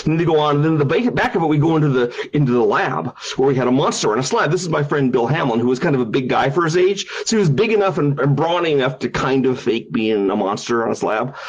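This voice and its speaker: Husky-voiced animated male storyteller. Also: medium pitch, fast, hardly any pauses. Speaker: game designer and streamer. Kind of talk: casual storytelling on a stream. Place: his house.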